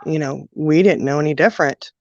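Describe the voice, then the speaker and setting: Halting woman recounting memories, lo-fi. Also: sits low, dry recording. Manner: halting, emotional recollection with many fillers. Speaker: guest sharing childhood story. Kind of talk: personal storytelling. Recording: dull, dry lo-fi sound.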